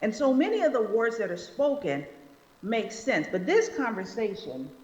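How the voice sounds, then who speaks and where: A woman preaches a sermon in a church sanctuary, animated and slowing her words for emphasis. Her voice rings with a long, roomy echo, and the sound is slightly dull. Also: fairly high pitch. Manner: animated, slows for emphasis, acts out quotes. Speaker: guest speaker.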